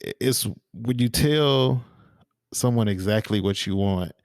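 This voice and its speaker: A man co-hosts a podcast, chatting casually and telling rambling stories full of fillers and restarts. His mid-range voice is unhurried, captured in a dry recording with clean studio sound.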